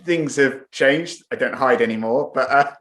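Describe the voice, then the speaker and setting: A male interviewer with a voice of medium pitch, heard with a roomy echo. He gropes toward his questions in a friendly, conversational way and keeps restarting and rephrasing them. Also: fairly bright tone, a little hiss or hum. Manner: halting, rephrasing questions as he goes. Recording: roomy echoey sound.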